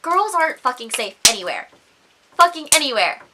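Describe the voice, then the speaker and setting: A young woman vlogger telling a storytime rant, animated and profane, with lots of "like". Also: sits high, normal speed, noisy background.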